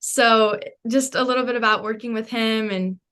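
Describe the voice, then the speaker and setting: A woman's voice: fairly high pitch, steady tone, moderate pace, fairly bright tone, clean tone. Enthusiastic woman podcast interviewer. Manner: enthusiastic, restarts words, frequent backchannel "mm-hmm". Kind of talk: casual interview.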